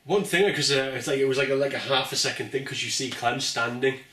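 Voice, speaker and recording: A man with a bright, forceful tone walks through video game scenes in casual chat, quoting the characters. The room is roomy and he sits away from the microphone. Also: medium pitch, fairly even intonation, quick pace. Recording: roomy, distant from the mic.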